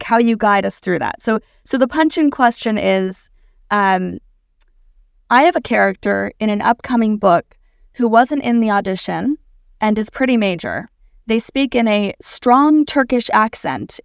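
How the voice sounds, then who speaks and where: A woman's voice: medium pitch, normal speed, gravelly, no echo, clean studio sound. A woman co-hosting a podcast, chatting casually and setting up the discussion questions. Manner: conversational, sets up questions.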